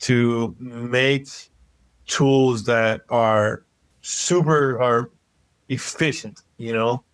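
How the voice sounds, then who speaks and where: A man's voice: medium pitch, steady tone, extremely slow, clean tone, dry recording. A man with a Cajun accent, a podcast guest who talks in a plainspoken, practical way. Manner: plainspoken, practical, with frequent "you know". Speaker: guest, tool company founder. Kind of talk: casual interview chat.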